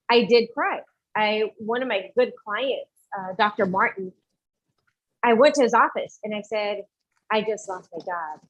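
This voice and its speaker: A woman's voice: mid-range voice, measured pace. A woman, a guest on an interview podcast, telling her story and acting out the lines of the people in it. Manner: animated, acts out quoted dialogue. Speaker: guest entrepreneur. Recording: dull lo-fi audio.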